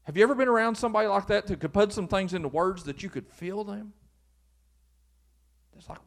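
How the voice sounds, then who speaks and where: High-voiced folksy pastor preaching. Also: male voice, a little fast. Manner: folksy, acts out quoted voices. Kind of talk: sermon. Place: church sanctuary with congregation.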